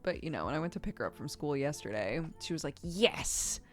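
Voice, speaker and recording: A woman's voice: sits low, lively intonation, fast, faint music behind. A woman streamer chatting casually, telling stories in a rambling, chatty way. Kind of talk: casual chat while gaming.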